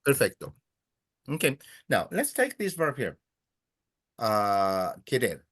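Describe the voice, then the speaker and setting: A man teaching a Spanish class in a classroom, patiently prompting students, praising their answers and pausing often with "uh". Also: medium pitch, wildly swooping pitch, a bit bright, no room sound, clean studio sound. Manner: hesitant, many "uh" pauses. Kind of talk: classroom language lesson.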